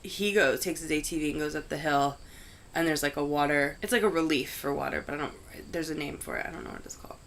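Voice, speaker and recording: A woman's voice: sits low, fast, fairly bright tone, a little hiss or hum. A young woman vlogger telling a story casually, filling her talk with "like" and swearing freely. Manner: chatty, heavy use of "like", frank swearing.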